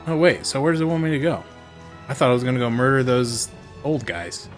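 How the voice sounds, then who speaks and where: A young man streaming a game, giving casual, rambling commentary with dark jokes. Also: medium pitch, brisk, soft background music. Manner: joking, rambling, dark humor.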